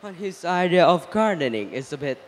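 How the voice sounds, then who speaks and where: A young man playing a smooth-talking male stranger who sells things, in a school readers' theatre. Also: fairly high pitch, expressive, moderate pace, big-room sound, natural voice. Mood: coaxing. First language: Thai.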